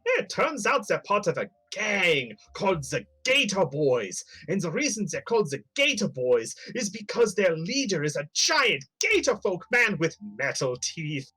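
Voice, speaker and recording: A man running a tabletop game as game master, narrating in a lively, playful way. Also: sits high, measured pace, hardly any pauses, slightly rough, poor audio.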